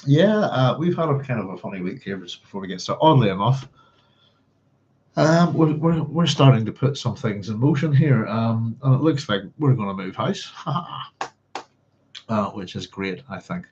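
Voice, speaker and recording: Man, chatty book club host, rambles casually, mid-pitched, slightly muffled lo-fi stream audio. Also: expressive, normal speed, darkish tone, a little hiss or hum. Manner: rambling, chatty, hums to himself. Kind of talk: casual livestream chat and reading.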